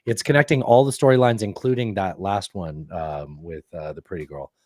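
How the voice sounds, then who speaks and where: A man's voice: low-pitched, normal speed, no echo. A man co-hosting a podcast in casual chat, rambling and swearing freely, often losing track of names. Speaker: podcast co-host.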